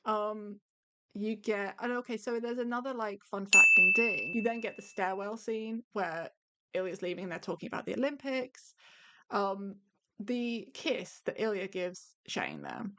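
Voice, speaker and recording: A woman's voice: mid-range voice, expressive, a little slow, heavy background noise. A woman co-hosting a podcast in casual chat, recapping scenes with eager detail and many fillers. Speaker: podcast co-host.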